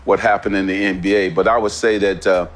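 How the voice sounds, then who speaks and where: A former basketball player telling an animated story from his playing days in an interview, laughing along as he goes. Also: low-pitched, fast. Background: music.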